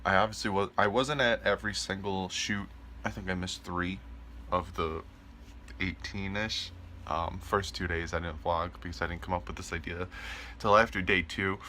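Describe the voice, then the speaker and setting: A young man talks to his camera from his bedroom in a casual, rambling vlog style, joking and stumbling over fillers. His voice sits low yet bright and forward. A faint room ambience hums behind him. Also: slight background noise. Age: 20s. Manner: rambling, joking, full of ums. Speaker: vlogger.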